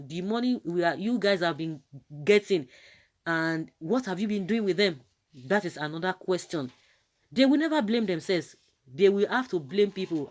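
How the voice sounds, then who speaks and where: A Nigerian woman giving an opinion commentary to her viewers, indignant and asking one rhetorical question after another. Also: lowish voice. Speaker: political commentator.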